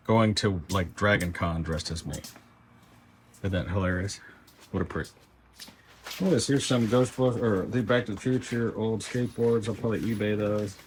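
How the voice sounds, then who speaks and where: Rambling, annoyed man giving a shop tour. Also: fairly low pitch. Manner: rambling, frustrated, restarts a lot. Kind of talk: casual vlog walkthrough. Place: large warehouse workshop.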